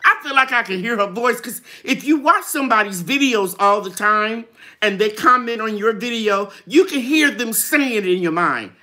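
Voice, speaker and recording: A woman's voice: on the high side, bright, forceful tone. A middle-aged woman, hosting a gardening live chat in a chatty way, reading out viewer comments and laughing often. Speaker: gardening channel host.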